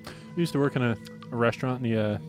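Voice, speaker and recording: A man riffing on a movie with quick wisecracking asides. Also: mid-range voice, over music. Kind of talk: casual movie riff commentary.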